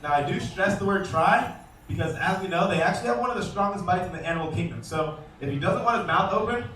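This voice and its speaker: A man presenting a live alligator show, joking with and quizzing the crowd and calling out loudly to them. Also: sits high, fast talker. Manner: calls out loudly to the audience. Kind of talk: live comedic animal demonstration. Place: outdoor show arena. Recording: echoey, distant outdoor recording with faint noise.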